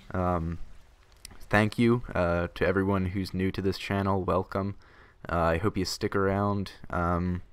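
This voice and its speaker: Low, flat-voiced man rambling. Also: clean tone. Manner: rambling, full of ums and uhs. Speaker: YouTuber. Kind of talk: casual thank-you vlog.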